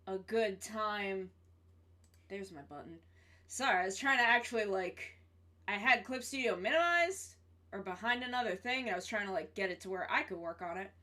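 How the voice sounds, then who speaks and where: A woman's voice: medium pitch, fairly bright tone. A woman streamer chatting casually to her viewers, swearing freely and repeating her greetings. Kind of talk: casual live-stream chat.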